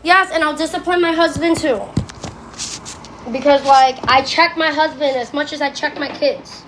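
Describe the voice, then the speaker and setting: This adult TikTok streamer speaks from home with a voice that sits high, a steady tone, and normal speed. Blunt and profane, she rants back at her viewers in casual livestream chat, with an echoey room and background noise around her.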